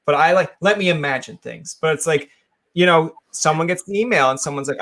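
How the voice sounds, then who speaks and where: A man's voice: fairly high pitch, brisk, fairly bright tone. Joking male podcast host. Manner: jokey, acts out imagined dialogue in shifting voices. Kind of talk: casual interview chat.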